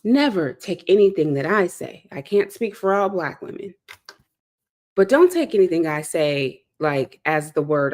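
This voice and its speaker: A woman's voice: fairly low pitch, very animated, measured pace, a little mellow. A woman from the South Side of Chicago, hosting and speaking in an impassioned monologue with an emphatic, preacher-like delivery that repeats key phrases. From South Side of Chicago, USA. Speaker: host and speaker.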